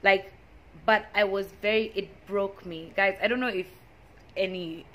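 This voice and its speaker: A woman's voice: medium pitch, steady tone, measured pace, fairly bright tone. A young woman vlogger telling a personal story in a casual, emotional way, with many restarts and sudden bursts of feeling. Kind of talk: storytime vlog.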